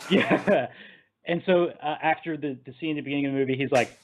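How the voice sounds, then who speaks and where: A man's voice: a little high, quick pace, slight background noise. A man hosting a casual movie discussion, rambling through the plot scene by scene and laughing at his own jokes. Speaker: podcast host. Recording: tinny phone-like line.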